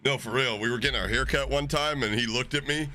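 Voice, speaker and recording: A man streaming live, chatting casually with his viewers, swearing freely and getting excited as he reacts to chat. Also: medium pitch, fast talker.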